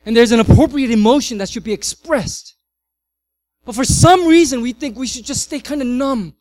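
A man in his thirties, a pastor, preaching a sermon and telling a family story with lively swings from loud to hushed. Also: extremely high pitch, moderate pace.

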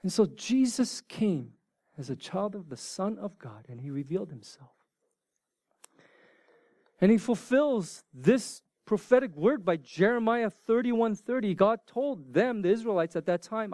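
A man in his forties preaching a sermon, informal and joking, dropping from loud bursts to hushed near-whispers. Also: high-pitched, expressive, a little slow, dry recording, studio quality. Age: 40s. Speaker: pastor.

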